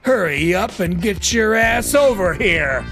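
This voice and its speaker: Man doing a blunt gruff father. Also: on the high side, normal speed, pitched above the performer's own voice. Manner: blunt, firm and flat. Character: gruff protective middle-aged father. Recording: voice over game music.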